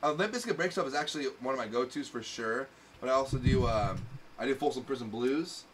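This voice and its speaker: A man hosting a live stream, chatting casually and getting excitable. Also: medium pitch, fast talker, a little hiss or hum. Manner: excitable, shouts song lyrics. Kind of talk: casual chat, karaoke singing. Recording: loud music behind.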